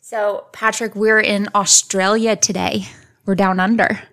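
A woman's voice: medium pitch, little pitch movement, measured pace, fairly bright tone. A woman hosts a true crime podcast, walking through a case from her notes. Her delivery is casual and chatty, with playful jokes along the way. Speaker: podcast host. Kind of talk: casual chat and case narration.

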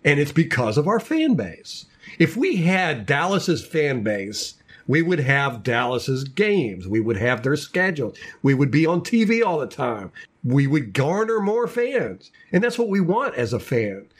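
Husky, animated man ranting on a podcast. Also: a little high, unhurried. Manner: animated, ranting, repeats words. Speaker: podcast host. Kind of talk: casual sports podcast talk.

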